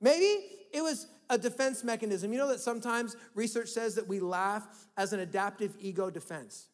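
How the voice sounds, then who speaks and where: A male pastor with a high-pitched voice preaches a conversational sermon at a moderate pace, acting out quoted inner voices and often repeating words. He's in a church hall, and the recording has a long hall reverb with faint music underneath.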